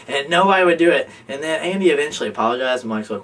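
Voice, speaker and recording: A young man telling a story among housemates, animated, laughing often and acting out what others said. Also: fairly high pitch, fast talker. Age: young adult. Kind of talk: casual storytelling. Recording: distant mic with faint background noise.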